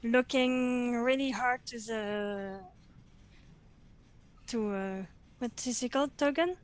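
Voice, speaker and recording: Woman player, slow halting speech, fillers, slightly high voice. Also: smooth, poor audio. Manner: hesitant, many fillers. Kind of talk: casual tabletop play.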